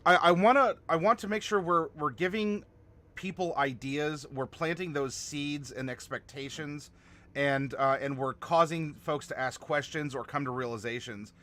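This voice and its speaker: A man's voice: on the high side, normal speed, a bit bright. A man hosting a casual discussion, talking in a conversational way and thinking aloud. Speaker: host.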